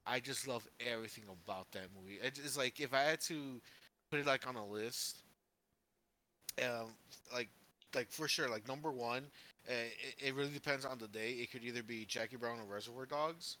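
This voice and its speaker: A man chatting casually on a podcast, hesitant and halting as he gathers his thoughts. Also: mid-range voice, bright, forceful tone, rough recording. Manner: hesitant, full of fillers and restarts. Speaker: podcast co-host. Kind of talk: casual chat.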